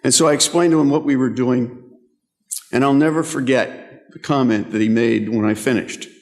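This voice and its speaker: A man's voice: mid-range voice, normal speed. A man in his sixties giving a formal award acceptance speech at a rostrum, self-deprecating and humorous as he tells stories. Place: large ceremony hall, at a rostrum. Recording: long reverb of a large hall.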